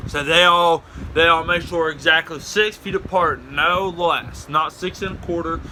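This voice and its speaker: A man telling a rambling comic story and jumping into loud, high voices for the quotes. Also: fairly even intonation, unhurried, few pauses, a little hiss or hum, poor audio. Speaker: comedic storyteller.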